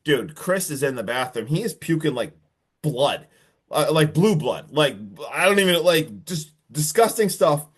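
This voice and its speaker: A young man co-hosting a podcast, casually recapping a horror film in a rambling, animated way with lots of filler words and mild swearing. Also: fairly high pitch, measured pace, breathy edge. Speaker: podcast co-host reviewing a film.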